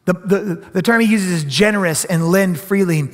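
A middle-aged man delivers a sermon in a big church, his voice pitched high. He preaches in an animated way and slips into other people's voices. A long reverb from the hall trails his words. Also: moderate pace. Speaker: pastor. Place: church sanctuary.

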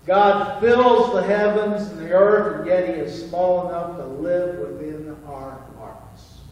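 A man's voice: fairly high pitch, takes it slowly, muffled recording, a crowd in the background. A male pastor preaching a sermon in an earnest, folksy way with touches of humor. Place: church sanctuary. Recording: echoey church hall from far off.

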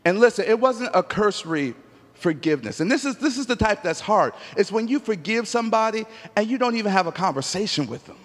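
A man preaching a sermon, telling stories with acted-out dialogue and rising to emphatic near-shouts. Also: high voice, lively intonation, brisk. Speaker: pastor. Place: church sanctuary. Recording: long church hall reverb.

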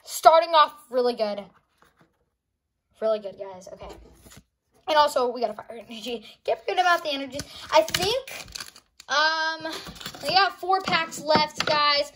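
Brief: high-pitched, unhurried woman, excitable unboxing vlogger recorded on a phone, gasps and talks to viewers. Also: a little hiss or hum. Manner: excitable, gasping, keeps calling out to viewers. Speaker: YouTuber opening trading cards. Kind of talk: casual unboxing vlog. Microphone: phone on a charger.

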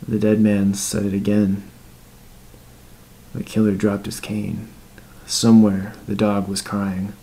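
A man narrating a dark horror tale in a measured, scripted storytelling voice. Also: fairly low pitch, poor audio.

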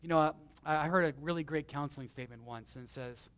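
A man preaching a conversational sermon as pastor, swinging between emphatic and hushed, with self-deprecating stories. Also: on the high side, fast, clean tone. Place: church.

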